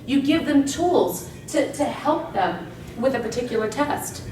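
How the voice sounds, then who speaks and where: A woman's voice: sits high, animated, unhurried, darkish tone. A woman giving a live motivational seminar talk to an audience, speaking emphatically and energetically and often checking in with "right?". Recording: echoey room, distant mic, faint background hum.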